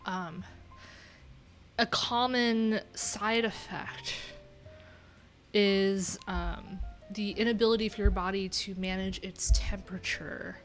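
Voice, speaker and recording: A woman's voice: medium pitch, fairly even intonation, slow, soft background music. A woman from New York with a nasal voice, chatting candidly and rambling on a casual livestream from a room at home.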